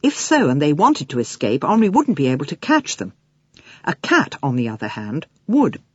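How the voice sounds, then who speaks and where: A woman narrating an audiobook for children in an expressive storytelling manner. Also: deep voice, moderate pace, slightly rough, dry recording, lo-fi sound. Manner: expressive storytelling with lively swings.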